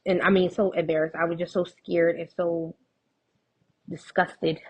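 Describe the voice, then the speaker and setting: A young woman telling her personal story as a guest in an interview, lively and expressive, often quoting other people. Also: lowish voice, unhurried, breathy edge, muffled recording. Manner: animated retelling with quoted voices and laughs.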